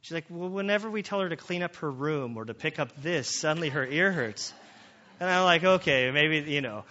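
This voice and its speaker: A man's voice: fairly high pitch, animated, a little fast, bright, forceful tone, slight background noise. A man in his thirties or forties, preaching a conversational sermon as a pastor and telling family stories with quoted dialogue. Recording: slightly dull lo-fi sound.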